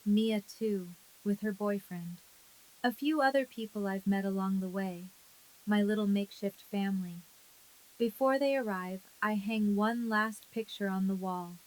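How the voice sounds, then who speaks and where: Calm woman narrating a story. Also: medium pitch, poor audio. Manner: calm, measured. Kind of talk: scripted first-person story narration.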